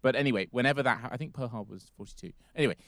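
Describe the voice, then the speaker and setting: A man's voice: mid-range voice, rapid-fire, fairly bright tone, dry recording, clean studio sound. An English man hosting a casual history podcast, rambling and correcting himself as he goes. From England. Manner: rambling, self-correcting, chatty. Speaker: podcast host.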